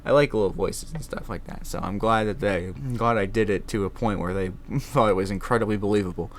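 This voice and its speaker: Rambling young man, low voice. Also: fairly quick, a little hiss or hum. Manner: rambling, swearing, many restarts. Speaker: vlogger. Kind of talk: casual chat. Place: his own room.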